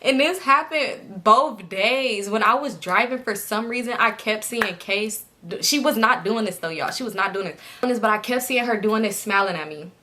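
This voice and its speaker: A young woman vlogger casually telling a story straight to her viewers, animated and chatty. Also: mid-range voice, moderate pace, a little hiss or hum.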